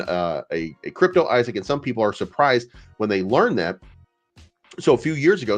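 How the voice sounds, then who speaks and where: A man with a fairly low voice hosts a crypto commentary show. He riffs loosely, swears freely, and trips over repeated words. Faint music plays under his talk. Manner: profane, stammering, riffing. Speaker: crypto channel host. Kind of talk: casual ranting commentary.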